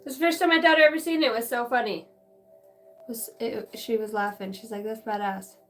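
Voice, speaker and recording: Middle-aged woman vlogger: casual and profane, laughs often, slightly high voice, with faint background music. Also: expressive, quick pace, a bit bright. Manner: profane, laughs often, jumps between stories. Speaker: channeler and card reader. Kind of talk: rambling casual vlog chat.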